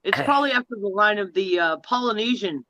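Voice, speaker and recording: High, bright-voiced enthusiastic man. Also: expressive, quick pace, dry recording. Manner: enthusiastic, laughs easily. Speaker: guest in a livestream chat. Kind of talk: casual chat. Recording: dry, dull lo-fi sound.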